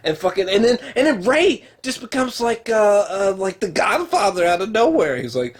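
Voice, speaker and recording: Husky, profane man ranting to camera. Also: sits high, normal speed. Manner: rambling, profane, lots of fillers; excitable, talks straight to camera. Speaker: film and TV reviewer. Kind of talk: casual unscripted review.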